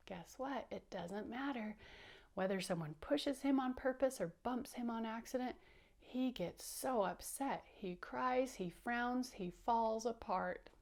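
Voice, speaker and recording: Animated woman teaching small children. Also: on the high side, a little slow, gravelly. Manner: animated, asks children to repeat after her. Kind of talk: storytime lesson for young children.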